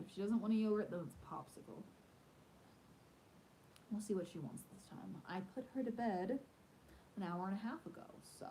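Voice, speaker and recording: A woman's voice: medium pitch, mellow, a little hiss or hum, rough recording. A woman hosting a casual live stream from home, chatting in a rambling way with lots of fillers. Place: at home in the evening.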